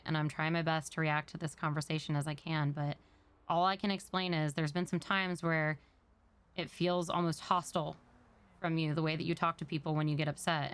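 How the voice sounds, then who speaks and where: A woman speaks in character during a role-play scene, low in pitch with a smooth, clean tone. She is earnest and explains her feelings at length. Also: a bit bright.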